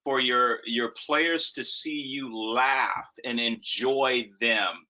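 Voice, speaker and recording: A man who coaches, telling animated stories in a casual webinar talk. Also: mid-range voice, slow pace. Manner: animated storytelling. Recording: muffled lo-fi call audio.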